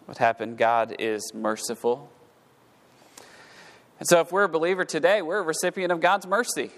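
A man's voice: fairly high pitch, moderate pace. A man preaching a sermon in a church, reading scripture in old-fashioned wording and then explaining it, often repeating words as his delivery builds. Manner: repeats words while rising to fervent emphasis. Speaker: pastor. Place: church sanctuary. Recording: echoey hall.

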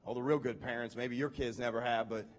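A male pastor preaching a sermon in a conversational, animated way, calling out questions to his congregation. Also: medium pitch, fast, a little hiss or hum.

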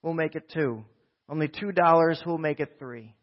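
A man's voice: fairly high pitch, moderate pace, voice pushed up, natural voice. A man voicing a folksy male auctioneer from a storybook poem, coaxing the crowd with sales patter over a dull, lo-fi recording. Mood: hawking. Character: folksy male auctioneer hawking an old violin.

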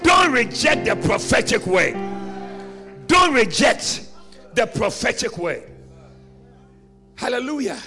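A man preaching a sermon in a church, shouting lines and calling for responses from the congregation. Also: very high voice, very animated, slow, pauses often, music in the background.

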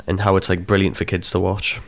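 Low-voiced stammering man. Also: completely flat delivery, quick pace. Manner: stammering, self-mocking, sweary. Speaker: podcast co-host. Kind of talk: casual chat.

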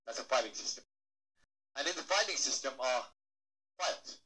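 Bright, lively male stage speaker. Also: medium pitch, normal speed, rough recording. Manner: playful, questions the crowd, acts out little voices. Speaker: motivational speaker. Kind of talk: animated stage talk to a live audience.

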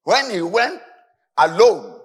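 Man, preacher, sermon, emphatic, swooping lively intonation. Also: high-pitched, slow, slightly rough. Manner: emphatic, swings between soft asides and shouted exclamations.

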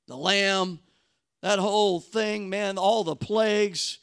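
A male pastor delivering a sermon in an animated, conversational storytelling style, often restarting his sentences. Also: high voice, takes it slowly, gravelly, smooth, no room sound, studio quality.

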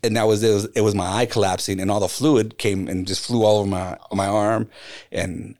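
A man's voice: on the low side, a little fast. A middle-aged man, a guest on a podcast, telling a personal story in casual conversation and acting out the voices of the people in it. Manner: animated storyteller who acts out quoted voices. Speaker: podcast guest, graffiti artist.

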